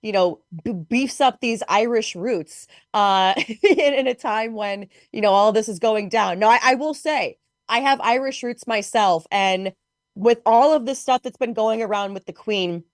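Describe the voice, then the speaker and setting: A woman's voice: on the high side, unhurried, no echo, clean studio sound. A woman from Chicago, chatting casually as a guest commentator, filling her talk with "you know" and "like". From Chicago, USA. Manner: chatty, animated, many fillers. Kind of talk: casual political chat.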